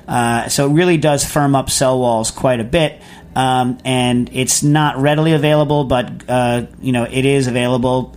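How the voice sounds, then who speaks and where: A man's voice: mid-range voice, a little hiss or hum. A man hosting a cooking radio show, talking casually and rambling through technical explanations with many restarts. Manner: rambling, self-correcting, digressive. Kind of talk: casual unscripted radio talk.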